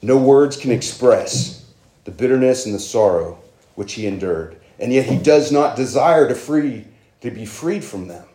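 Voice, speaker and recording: A man's voice: mid-range voice, animated, unhurried, dark tone, roomy sound. A man preaching a sermon as pastor, earnest and conversational, with emphatic rises.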